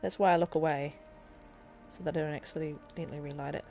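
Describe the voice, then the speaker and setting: Chatty woman streamer with a low, mellow voice. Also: steady tone, brisk, soft background music. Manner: chatty and explanatory, thinking aloud as she plays. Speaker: game streamer. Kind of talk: casual live-stream gameplay tutorial.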